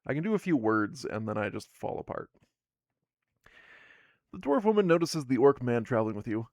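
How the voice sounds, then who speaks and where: A sleepy man live-streams his solo tabletop game, reading the game text aloud while rambling and poking fun at himself. His mid-range voice is expressive, a little fast, and a little mellow. The recording is dry and studio quality.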